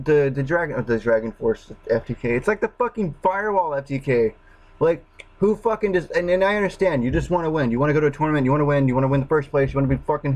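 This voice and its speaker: A man's voice: on the high side, poor audio. Exasperated man swearing through a rant. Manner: swears constantly, restarts sentences, exasperated. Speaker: gaming vlogger. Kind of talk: frustrated solo rant.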